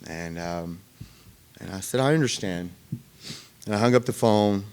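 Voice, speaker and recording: Fairly low in pitch, with a darkish, clear and resonant tone, a man talks through his recovery to a meeting gathered in a meeting room. His storytelling is loose and chatty, punctuated by many fillers and pauses.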